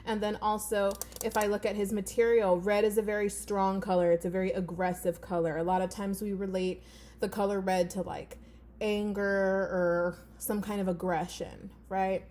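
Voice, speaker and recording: A woman speaks in a loose, conversational teaching voice, pitched in an ordinary middle range. She talks straight to her students at home, encouraging them and pausing often on "um" as she explains. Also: flat delivery, darkish tone, slight background noise. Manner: chatty and encouraging, with frequent "um" fillers. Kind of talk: casual video lesson to students at home.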